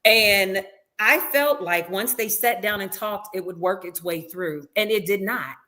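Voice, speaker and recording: A woman's voice: medium pitch, unhurried, sharp tone. A woman guest in a casual interview, telling a story with animation and acting out what others said. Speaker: reality show cast member guest. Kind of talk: casual interview, recounting events.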